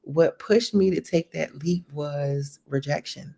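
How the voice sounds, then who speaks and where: A low-voiced woman of about forty tells her story as an interview guest. Her voice has a gravelly, creaky edge, and she talks in a relaxed, easygoing way, laughing often. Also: slow pace. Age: 40s. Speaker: guest, private chef. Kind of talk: casual interview chat.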